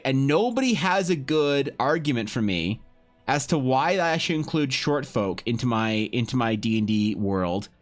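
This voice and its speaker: Male streamer, drawing live, casual rambling profane banter, soft music behind him. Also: mid-range voice. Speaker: livestreaming artist.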